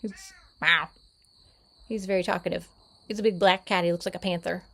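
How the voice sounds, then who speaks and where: A woman's voice: on the low side, fairly even intonation, quick pace, creaky. A woman vlogging outdoors in casual chat, playful and meowing back at cats. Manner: playful, chats with cats and meows at them. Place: outdoors on her property.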